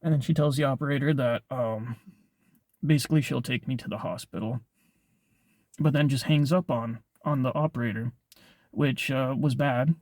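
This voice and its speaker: A man's voice: mid-range voice, moderate pace, a little mellow, dry recording, clean studio sound. A young man casually telling a personal story on his vlog, rambling, with lots of filler words and swearing. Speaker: vlogger.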